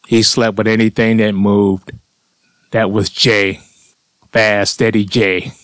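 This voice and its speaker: A man's voice: lowish voice, level tone, slow, fairly bright tone, no room sound. A man telling a story in a blunt, profane, conversational way, tagging lines with "man". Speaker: storyteller vlogger. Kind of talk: casual comic storytelling monologue.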